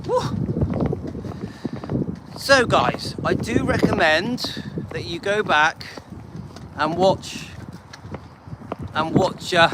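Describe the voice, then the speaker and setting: A man with an English accent hosting a walking vlog, out of breath and talking emphatically to his viewers. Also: sits high. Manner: emphatic, scornful asides to viewers. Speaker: channel host. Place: outdoors on a walk. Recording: loud wind and street noise outdoors.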